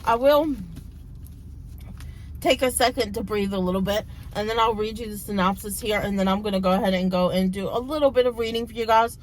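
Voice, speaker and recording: A woman in her thirties, a book vlogger, chatting casually and retelling a plot in a rambling way, her voice a little hoarse from talking so much. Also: mid-range voice, a little fast, low-quality recording. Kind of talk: casual book vlog chat.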